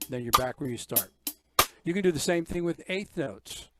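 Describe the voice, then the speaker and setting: A man's voice: a little high, animated, normal speed. An older man giving a drum lesson, explaining ideas step by step and counting beats aloud. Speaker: drum teacher. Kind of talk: drum clinic instruction. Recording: music from the drum kit in the background.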